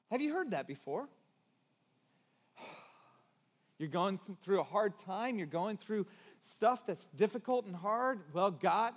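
A man preaching a sermon as pastor, earnest, moving between hushed and emphatic passages. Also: high-pitched, long reverb tail.

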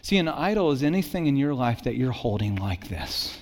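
A middle-aged man preaching a sermon, telling a personal story with animated swings between excitement and hushed intensity. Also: mid-range voice, brisk. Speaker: pastor.

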